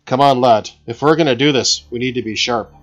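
A man voicing a steady, protective older man who speaks briskly. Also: medium pitch, dull audio, soft background music, close to an everyday voice.

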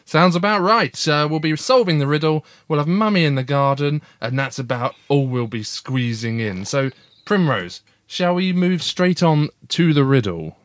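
A man's voice: a little high, normal speed, no echo. Male podcast co-host, playful dad, hesitant fillers, casual chat. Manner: playful, teasing, with many "uh"s and restarts. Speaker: podcast co-host with his young daughter.

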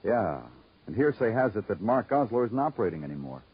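A dry, sardonic detective. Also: male voice, on the low side, big pitch swings, brisk, husky, highs cut off, exaggerated voice. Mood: weary. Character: weary wisecracking male police detective. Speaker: narrator. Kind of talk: 1950s radio drama narration. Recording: old radio recording with music.

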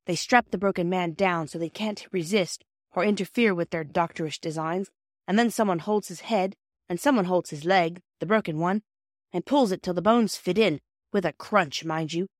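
A woman's voice: fairly low pitch, moderate pace, dry recording, studio quality, lightly acted. A woman reading aloud, voicing a bossy young boy who teases his sisters. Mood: teasing.

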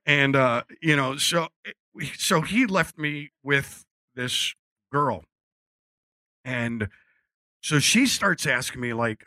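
A man's voice: medium pitch, expressive, takes it slowly, long pauses, pushed and bright, no room sound. A man from Philadelphia telling a casual story, acting out quotes and swearing freely. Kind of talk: casual anecdote.

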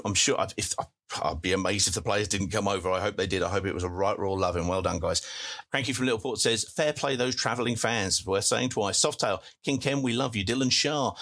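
A man's voice: on the low side, fairly bright tone. Chatty man reading fan messages. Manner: jokey, chatty, reads messages aloud with quick asides. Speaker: football podcast host reading listener messages. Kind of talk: casual live audio chat. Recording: live audio stream.

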